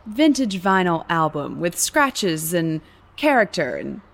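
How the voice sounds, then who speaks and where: A woman co-hosting a podcast, chatting in a good-humored, gently apologetic way. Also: lowish voice, very animated, slow pace, vocal fry. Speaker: podcast co-host. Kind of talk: casual podcast chat.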